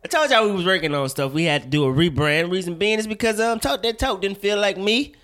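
A young man hosting a casual podcast, talking with animated, profane, loud mock outrage. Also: high voice, fast talker. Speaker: podcast host. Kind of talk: casual chat.

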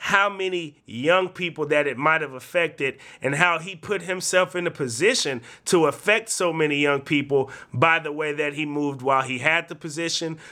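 A man hosting a casual sports talk show, laying out his opinions at length in a measured way. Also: on the high side, pushed and bright. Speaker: show host.

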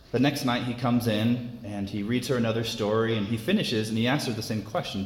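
A man preaching a sermon in an earnest, unhurried way, often repeating words as he goes. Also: fairly low pitch, fairly even intonation, slight background noise. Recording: echoey hall with long reverb.

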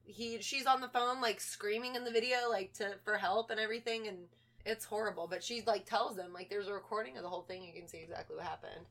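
A woman's voice: medium pitch, a bit bright. Chatty swearing woman telling stories. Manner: chatty storytelling, swears often, says like a lot. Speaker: podcast co-host. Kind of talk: casual chat.

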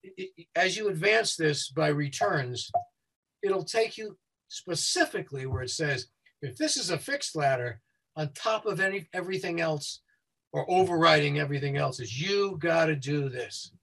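A man working as a safety consultant. He speaks quickly and explains things step by step as a guest who walks listeners through a website. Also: fairly high pitch, lively intonation, gravelly, a bit bright, rough recording.

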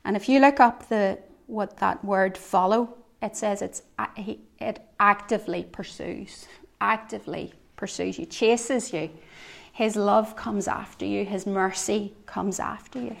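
A woman giving a devotional sermon, earnest, swinging between soft reflective lines and emphatic ones. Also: medium pitch, steady tone, a little slow, gravelly. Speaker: preacher.

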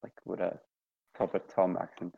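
A man with a low, gravelly voice co-hosts a laid-back hobby podcast. He talks loosely, with lots of fillers and swearing. His lo-fi microphone makes the sound dull. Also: normal speed. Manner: relaxed, swears a lot, fillers like "like" and "uh". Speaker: podcast co-host. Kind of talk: casual hobby podcast chat.

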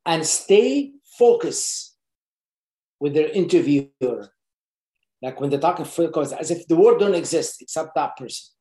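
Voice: mid-range voice, animated, unhurried, warm tone. An earnest presenter giving casual, unscripted job-interview advice, repeating key points for emphasis. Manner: loose, unscripted phrasing with frequent restarts. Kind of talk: casual advice talk to camera. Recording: roomy echo.

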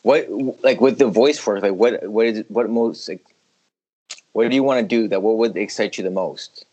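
Curious man asking questions, fairly low voice. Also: normal speed, warm tone, muffled recording. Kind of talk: casual interview chat.

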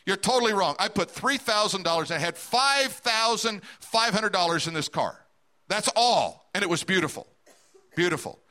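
A man's voice: sits high, expressive, moderate pace, sharp tone. A middle-aged man preaching a sermon as a pastor, telling a personal story and asking the congregation direct questions.

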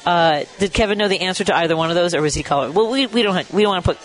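A man with a notably high voice runs a live radio call-in from a restaurant. He chats loosely, laughs often and trips over his own sentences before correcting himself. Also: racing, fairly bright tone, rough recording. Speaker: radio host.

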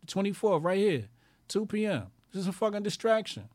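A foul-mouthed commentary show host rants crudely, swearing constantly and mocking, emphatic and repeating lines for effect. His voice is high-pitched, very animated, brisk, and a little mellow, with no room sound.

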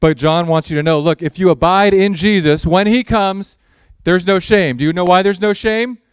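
Guy pastor preaching, kinda high voice, jokey sarcastic bits, dry sound. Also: normal speed, smooth, no room sound. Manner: animated preaching with sarcastic asides and acted-out quotes. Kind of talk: sermon with opening prayer. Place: church sanctuary.

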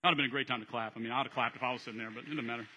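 A man preaching a sermon as pastor, animated and acting out voices, joking with the congregation. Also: mid-range voice, very fast, lo-fi sound, crowd noise, background noise.

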